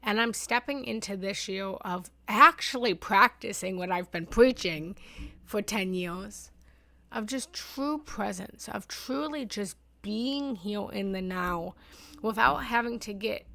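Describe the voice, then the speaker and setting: A woman in her thirties speaks as a meditation teacher in a live online session, earnest and heartfelt, with a gravelly, fry-tinged voice. Her thoughts come out in flowing, repeated phrases, sitting at a middle pitch. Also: slow, sharp tone, no echo. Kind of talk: live online meditation talk, casual sharing.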